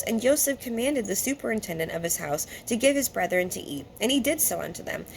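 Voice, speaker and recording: A woman's voice: mid-range voice, slight background noise, poor audio. A woman teaching scripture, reading passages aloud and then retelling them in casual words with fillers.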